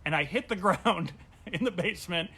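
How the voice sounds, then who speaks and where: A man telling a funny personal story in a casual comedic way, acting out the voices with big jumps in pitch and volume. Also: normal speed, bright, forceful tone, husky. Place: home during quarantine.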